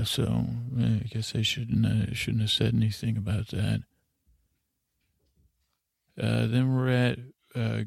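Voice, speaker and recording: In a bedtime podcast, the host rambles through a drowsy, meandering episode recap full of filler words. His fairly low voice is creaky and a bit mellow, captured in studio quality with no echo.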